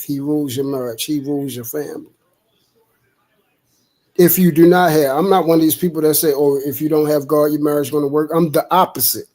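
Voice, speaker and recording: A man's voice: fairly high pitch, a little mellow, rough recording. A man hosting a stream who argues and preaches emphatically, acting out voices as he retells stories. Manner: emphatic, preachy, quotes God in a raised voice. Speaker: podcast host. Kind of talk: heated debate and preaching. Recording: live stream.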